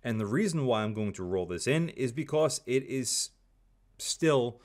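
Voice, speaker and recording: A man's voice: mid-range voice, expressive, a little slow. Candid man reviewing rifle scopes. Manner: candid, opinionated, repeats stock phrases. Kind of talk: casual product review.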